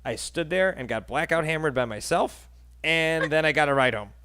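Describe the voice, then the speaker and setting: A man's voice: fairly high pitch, moderate pace, clear, resonant tone. A man in his thirties with a New York accent, hosting a casual interview and telling stories with acted-out quotes and frequent laughs. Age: 30s. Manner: animated storyteller, acts out quotes, laughs often. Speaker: host.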